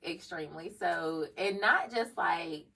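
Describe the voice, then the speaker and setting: Low-voiced woman co-host, reflective, laughs easily, slightly distant mic. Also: measured pace, vocal fry, sharp tone. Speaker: podcast co-host. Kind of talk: casual chat.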